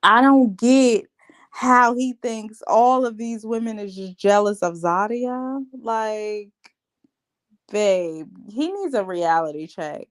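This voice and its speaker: A woman's voice: fairly high pitch, slow pace. A woman hosting a reality TV recap in a casual, sassy, blunt rant. She talks straight to her viewers and calls them babe and child.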